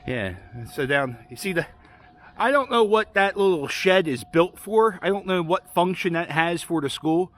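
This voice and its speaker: Walking down a city street, a man hosts a walking vlog, chatting casually and rambling in a self-deprecating way. His voice is high-pitched, animated and a bit bright, at a normal speed.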